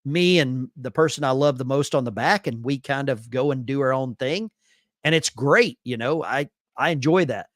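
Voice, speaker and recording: A man's voice: medium pitch, moderate pace, dry recording, studio quality. A man hosting a casual live stream, reading chat messages aloud with bursts of enthusiasm. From Arkansas.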